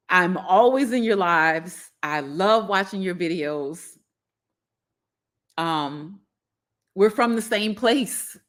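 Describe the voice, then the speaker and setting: A woman with a Southern US accent hosting a casual gardening livestream, warm and effusive, repeating her thanks. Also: on the low side. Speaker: gardening channel host.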